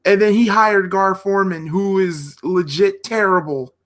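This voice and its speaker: A man's voice: high voice, unhurried, fairly bright tone. A man co-hosting a casual sports talk podcast, ranting in a heated way and reading notes off his phone. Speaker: podcast co-host.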